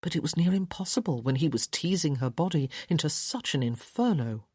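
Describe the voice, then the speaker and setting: A woman reading a romance audiobook in a slow, soft, intimate manner. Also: low voice, expressive, slightly rough, dry recording, studio quality. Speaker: audiobook narrator. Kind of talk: scripted romance audiobook narration.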